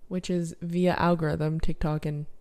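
A tired young woman co-hosting a podcast in casual chat, telling stories in an animated, teasing way with frequent laughter. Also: low-pitched, normal speed. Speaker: podcast co-host.

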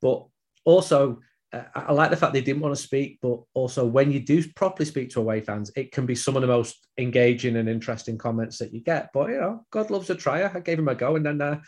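A man's voice: mid-range voice, fairly quick, a little mellow. A man chatting casually on a football podcast, a regular on the show, talking in a chatty, self-deprecating way and often repeating words as he starts a thought. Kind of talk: casual chat.

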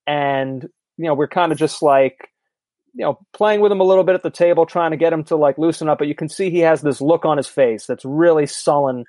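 A man's voice: a little high, a little fast, a little mellow, dry recording. A man in his thirties co-hosting a podcast, talking candidly and rambling a little as he chats. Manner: candid, rambling, self-deprecating. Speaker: podcast co-host. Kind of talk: casual chat.

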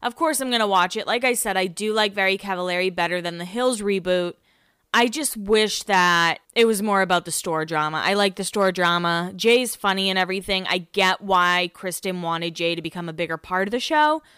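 A young woman hosting a casual solo podcast, rambling and chatty with lots of fillers, her pitch jumping when she gets excited. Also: normal speed, clean tone, no echo, studio quality. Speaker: podcast host.

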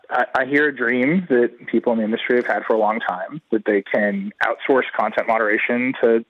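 A man's voice: lowish voice, dry recording. A man giving a guest commentary in a radio interview, analytical and emphatic, talking in long runs. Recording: dull lo-fi radio line.

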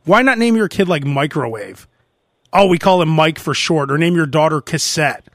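A male podcast host with a fairly high, very lively voice tells stories in loose, laughing chat. He acts out quotes as he goes. The sound is dry and close to the mic. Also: normal speed, no room sound. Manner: animated storyteller, laughs often, acts out quotes. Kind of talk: casual chat.

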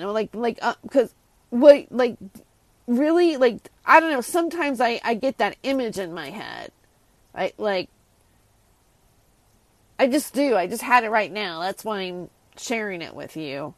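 A woman's voice: fairly high pitch, expressive, measured pace, pauses often, dry recording. A woman from the United States in a casual, rambling rant to her viewers, frustrated, with many restarts and asides. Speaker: vlogger. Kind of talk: casual ranting monologue to viewers.

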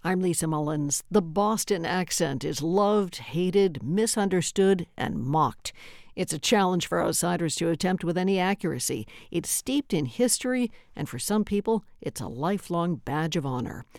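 A woman radio news host reading a scripted introduction in a measured, polished way. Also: fairly low pitch, animated, darkish tone, no room sound, studio quality.

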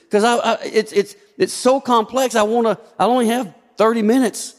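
A man's voice: very high voice, steady tone, moderate pace, few pauses. A man preaching a sermon as pastor, asking rhetorical questions and shifting his emphasis often. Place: church sanctuary. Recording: long hall reverb.

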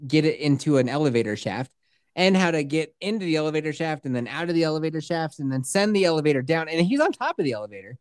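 A man's voice: fairly high pitch, fast talker, smooth, dry recording, studio quality. A man casually recapping a film with friends, acting out characters and swearing freely. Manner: animated storytelling, acts out characters, swears freely. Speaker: podcast co-host. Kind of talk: casual movie recap chat.

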